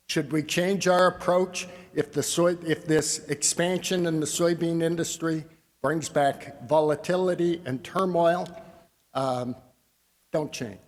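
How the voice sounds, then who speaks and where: A man giving a conference talk on grain marketing in a folksy, wry way, calling his audience "people.". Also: fairly high pitch. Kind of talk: conference presentation. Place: convention hall. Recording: long reverb of a large hall.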